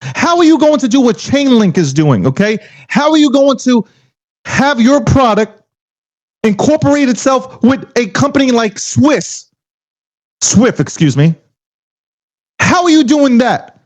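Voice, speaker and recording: A man's voice: extremely high pitch, very animated, measured pace. A man talking crypto in a heated, profane, casual rant, firing off emphatic rhetorical questions. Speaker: crypto commentator. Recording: dull lo-fi audio.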